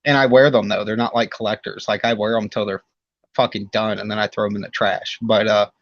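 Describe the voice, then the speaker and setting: A man's voice: on the low side, little pitch movement, fairly quick, dry recording. Male podcast co-host, easygoing jokester, dry lo-fi mic sound. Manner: laid-back, joking, rambling asides. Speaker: podcast guest. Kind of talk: casual podcast chat.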